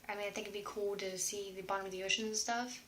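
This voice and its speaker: A woman's voice: medium pitch, fairly even intonation, fast, sharp tone, a little hiss or hum. A woman answering viewer questions in a casual, rambling vlog, sometimes dropping to a whisper. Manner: rambling, chatty, drifts into whispers at times. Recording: roomy echo.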